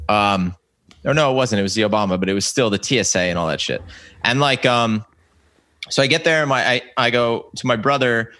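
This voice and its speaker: A man's voice: medium pitch, fairly quick, sharp tone, no room sound. A man in his thirties tells comedy stories in a loose, rambling way, full of fillers and restarts. His voice sits in a middle register, and the recording is close and dry. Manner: rambling, self-interrupting anecdotes with many fillers. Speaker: comedian guest. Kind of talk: casual storytelling chat.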